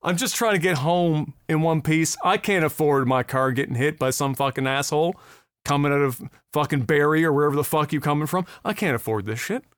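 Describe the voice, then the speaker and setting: A foul-mouthed man holds forth on a casual podcast. His voice sits high and climbs higher as he gets worked up. The close mic leaves the sound dry, with no room around it. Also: dry recording. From Nova Scotia, Canada. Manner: profane, ranting, loud when worked up. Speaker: podcast co-host.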